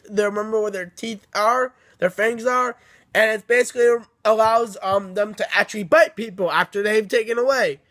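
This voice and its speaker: A book reviewer with a notably high, fairly bright voice recaps a story in a loose, casual way. He often restarts sentences and keeps ending them with a questioning "okay?" to check in with the listener.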